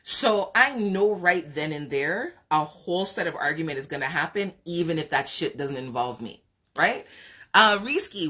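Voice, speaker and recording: A woman podcast host telling a candid personal story, frank and chatty, laughing often and pausing to talk to viewers. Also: fairly low pitch, pushed and bright, slightly rough. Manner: frank, laughing, drawn-out pauses. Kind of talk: candid storytelling on a live stream.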